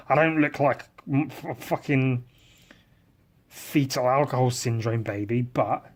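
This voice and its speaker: A man's voice: fairly high pitch, a little slow, creaky, pauses often. A man hosting a solo podcast, rambling in a bitter, sarcastic, self-deprecating way and swearing a lot into a podcast microphone. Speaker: podcast host.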